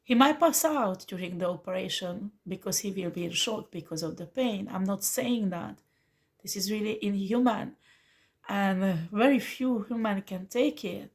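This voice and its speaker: At a normal speed and in a mid-range voice, a woman does a tarot reading for the listener. It is a spiritual monologue, earnest and pleading, with the listener called honey.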